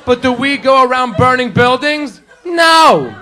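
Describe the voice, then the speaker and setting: A man doing a stand-up routine in a comedy club, brash and working the crowd, shouting his punchlines. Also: high voice, normal speed. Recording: live club with crowd laughter and ambient noise.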